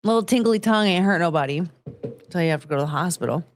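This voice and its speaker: A woman's voice: fairly low pitch, expressive, quick pace, faint music behind. A woman live streamer chatting casually and rambling, often poking fun at herself and greeting her chat. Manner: rambling, self-mocking, greets chat in a sing-song lift.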